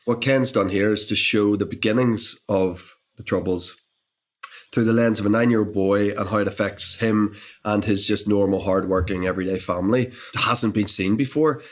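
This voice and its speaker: A man's voice: lowish voice, fairly even intonation, normal speed. A man in his thirties with a Northern Irish accent, chatting animatedly as an actor guest over lunch, often repeating words as he thinks. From Northern Ireland. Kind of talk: casual interview chat. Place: indoors over a lunch table.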